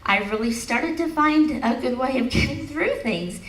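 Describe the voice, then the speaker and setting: A woman's voice: high voice, animated, normal speed. A middle-aged woman giving a motivational talk at an expo, telling a personal story with laughter and then leading the audience in affirmations. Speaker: speaker at an expo. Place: large hall at an expo. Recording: echoey hall recorded from a distance.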